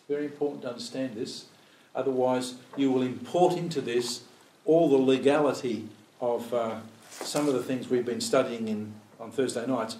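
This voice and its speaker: A man teaching an informal Bible study, thinking out loud and tossing rhetorical questions at his listeners. He slips into acted-out quotes of prayers now and then. His voice carries through a roomy, echoing space, picked up from some distance with a faint hum of ambience. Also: mid-range voice, moderate pace, hardly any pauses.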